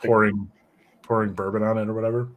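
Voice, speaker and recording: A man's voice: on the low side, level tone, fast talker, slight background noise. A man hosting a casual comic book discussion who rambles and drifts into side notes. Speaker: podcast host reviewing comics.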